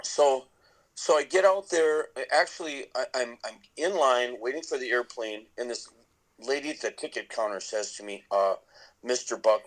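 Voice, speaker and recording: A middle-aged man tells a long story on a podcast in a loose, rambling way. He restarts his sentences again and again, and his voice sits at an ordinary middle pitch. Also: moderate pace, rough recording. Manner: rambling with many restarts and laughs. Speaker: podcast guest, musician. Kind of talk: casual storytelling.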